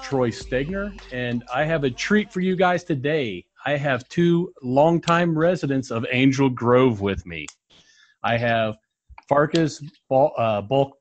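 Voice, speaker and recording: A man hosting a podcast interview, polite and laughing along with his guests. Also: fairly high pitch. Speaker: podcast host. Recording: dull lo-fi audio.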